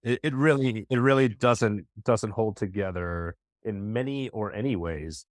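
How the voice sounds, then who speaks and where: Man, podcast guest, low voice, hesitant, filler-heavy, dry sound. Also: unhurried, dry recording. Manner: hesitant, builds arguments with many fillers. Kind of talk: casual chat.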